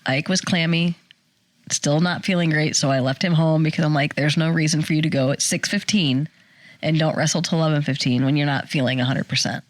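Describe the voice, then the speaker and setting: A woman in her forties, a podcast co-host telling a personal story in casual chat, animated and acting out the quotes. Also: sits low, no echo. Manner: animated storyteller, acts out quotes, fast bursts.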